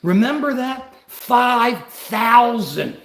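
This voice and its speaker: A man's voice: extremely high pitch, animated, drawn-out words, creaky, fairly bright tone, echoey room. An older man and grandfather, host of a livestream, giving rambling, combative political commentary.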